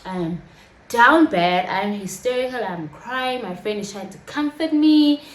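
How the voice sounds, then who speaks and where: A young woman telling a story in a dramatic, animated way, swearing freely as she vents to her viewers. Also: a little high, unhurried. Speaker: storytime vlogger. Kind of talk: casual storytelling. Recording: roomy echo.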